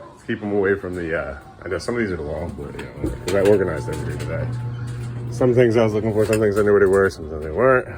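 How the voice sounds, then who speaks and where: A man filming a casual home vlog, coaxing his kids along and talking to the camera. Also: deep voice. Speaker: parent vlogger. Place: family home kitchen.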